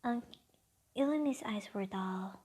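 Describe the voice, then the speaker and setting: A woman's voice: mid-range voice, measured pace, darkish tone, breathy edge. A woman casually improvising a fan-fiction story, rambling and hesitant, often half-whispering.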